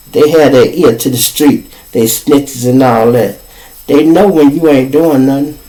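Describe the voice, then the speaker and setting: A man's voice: a little high, rough recording. A man with a Chicago accent hosting his own show, telling rambling, profane stories in a casual monologue. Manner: profane, rambling, animated storyteller. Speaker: podcast host.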